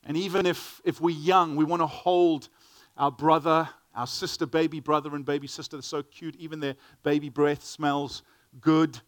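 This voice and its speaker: A man's voice: on the high side, fairly even intonation, moderate pace, no room sound. A middle-aged man preaching a sermon, earnest, often repeating words as he starts a phrase.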